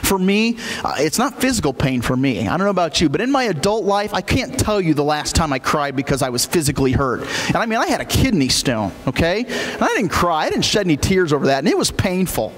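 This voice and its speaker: A male pastor preaches with a lively, swooping delivery, leaning hard on repeated key phrases. His voice sits a bit high for a man and carries a long echo through a large church hall. A faint electrical hum runs underneath. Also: a little fast. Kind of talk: sermon.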